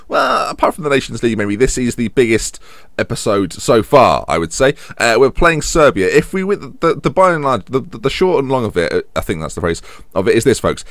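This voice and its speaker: This young man's mid-range voice is a little bright and carries no echo. He commentates casually on a football management game as a let's-play, rambling, poking fun at himself, and chuckling often.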